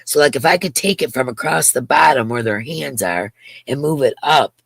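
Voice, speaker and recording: On her casual crochet livestream, a woman in her fifties talks at a normal speed in an animated bass voice that is creaky and slightly rough. There's no room sound as she rambles and reads viewer comments aloud.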